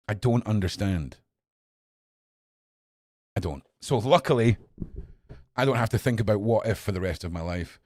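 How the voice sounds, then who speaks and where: A man in his forties hosting a podcast, delivering an angry, profane opinion monologue that swings between low muttering and loud outbursts. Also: animated, normal speed, long pauses, dry recording, clean studio sound. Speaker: podcast host.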